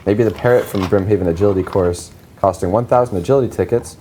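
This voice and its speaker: A man's voice: on the low side, quick pace, dark tone, slight background noise. A man hosting a casual panel chat, reading out viewer questions and laughing often. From not from Canada.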